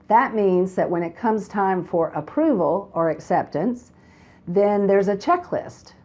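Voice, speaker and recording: A woman's voice: fairly low pitch, dark tone. A woman hosting a short instructional video, explaining in a friendly, direct way. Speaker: host.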